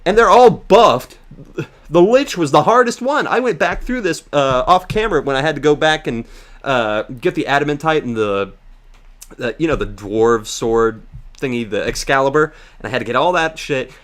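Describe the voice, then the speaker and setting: Rambling, excitable man ranting about a game. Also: medium pitch, moderate pace. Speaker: let's play host. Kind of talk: casual game recap rant.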